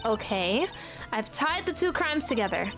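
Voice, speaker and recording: A woman's voice: on the high side, sing-song, measured pace, fairly bright tone, faint music behind, exaggerated voice. A woman voicing a determined young male defense lawyer in a video game. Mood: earnest.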